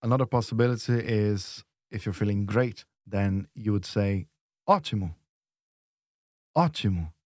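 A man teaching on a lesson podcast, modelling words slowly and patiently. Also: on the low side, a little mellow, dry recording, studio quality. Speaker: language teacher.

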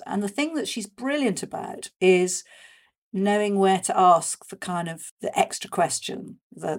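A woman speaking as an interview guest, chatty and animated, with many fillers and restarts. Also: medium pitch. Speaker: guest discussing a radio show's history. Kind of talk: conversational interview.

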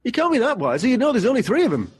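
A man's voice: very high-pitched, wildly swooping pitch, racing, slightly rough, heavily acted. An actor playing a blunt, grumbling man who runs auditions for an amateur show in a comedy audio drama.

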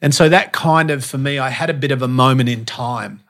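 A middle-aged fitness and behaviour speaker, interviewed casually on a podcast, speaks a little fast in a medium-pitched, fairly bright voice. His stories about his life are frank and profane, peppered with fillers and restarts.

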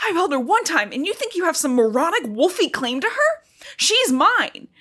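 A woman's voice: very high-pitched, big pitch swings, normal speed, bright, forceful tone, voice pushed up, full character voice. A woman reading a book aloud and playing a furious, protective young mother who raises her voice indignantly. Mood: outraged.

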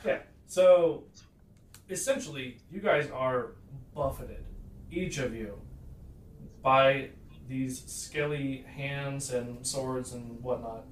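A man's voice: medium pitch, slow. A man narrating a tabletop role-playing game as game master, rambling loosely and laughing often. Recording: roomy, distant mic, faint noise.

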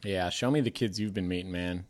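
A man's voice: deep voice, brisk. A man in his thirties co-hosting a podcast, chatting casually and joking around, slipping into other people's voices when he quotes them. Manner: jokey, puts on voices when quoting people. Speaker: podcast co-host. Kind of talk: casual chat.

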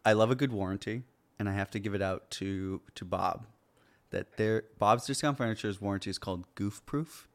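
A man's voice: on the low side, moderate pace. A man hosting a podcast in casual chat, rambling with many fillers and laughing often. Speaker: podcast host.

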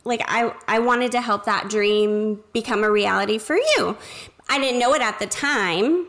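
Brief: expressive woman, fairly high pitch, quick conversational storytelling. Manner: quick, expressive, acts out quoted dialogue. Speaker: surrogate telling her story.

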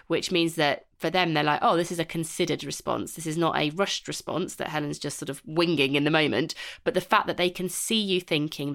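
A woman's voice: fairly low pitch, vocal fry, fairly bright tone. A British woman co-hosting a podcast, explaining ideas with everyday examples and lots of casual fillers. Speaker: podcast co-host.

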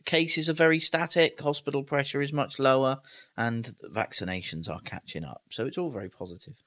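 A man's voice: mid-range voice, a little fast, a bit bright. A man co-hosting a podcast, chatting casually and explaining things in an easygoing way. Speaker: podcast co-host, guesthouse owner. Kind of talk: casual chat.

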